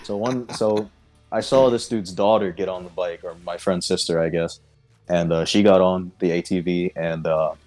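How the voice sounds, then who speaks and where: A man's voice: sits low, fairly even intonation, normal speed, darkish tone, faint music behind. A man co-hosting a podcast, telling a story in casual chat, swearing often and laughing through it. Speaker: podcast co-host.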